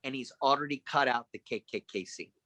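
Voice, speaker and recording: Bright-voiced middle-aged man telling stories. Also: medium pitch, fast talker, no room sound. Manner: animated anecdotes with lively acted-out quotes. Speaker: guest actor. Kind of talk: casual podcast storytelling.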